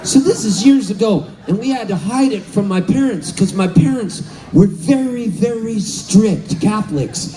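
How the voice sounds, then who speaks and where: Animated, high-voiced man in his fifties. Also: moderate pace, few pauses, poor audio. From Southern California. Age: 50s. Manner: animated, laughing, calling out to the crowd. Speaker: musician. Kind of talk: onstage storytelling between songs. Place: live concert stage.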